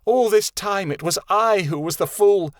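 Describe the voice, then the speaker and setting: A woman's voice: mid-range voice, unhurried, dry recording, voice pushed up, natural voice. A proud witch queen from a fantasy audiobook, betrayed and venomous, her icy lines hissed out. A male narrator voices her in a raised register, recorded dry and close. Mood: hissing. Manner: icy, hissing.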